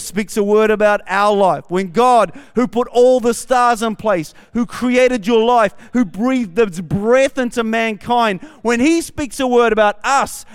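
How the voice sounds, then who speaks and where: A man's voice: extremely high pitch, smooth. A man with a New Zealand accent, a campus pastor preaching a sermon and reading scripture aloud with rising fervor. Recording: long hall reverb.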